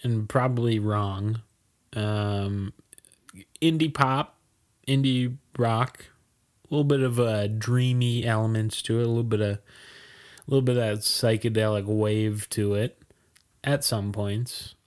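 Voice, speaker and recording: A man's voice: lowish voice, steady tone, measured pace, long pauses. A man in his thirties co-hosting a casual music podcast over a video call, laid-back and rambling, with lots of fillers and laughs. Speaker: podcast co-host.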